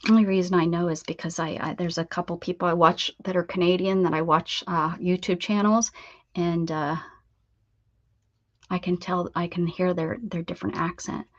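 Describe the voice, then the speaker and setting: A woman's voice: lowish voice, steady tone, normal speed, no echo. Chatty woman on a lo-fi stream. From United States. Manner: rambling, chatty, frequent restarts and laughs. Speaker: craft livestream host. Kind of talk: casual chat with live viewers. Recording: dull, dry lo-fi stream audio.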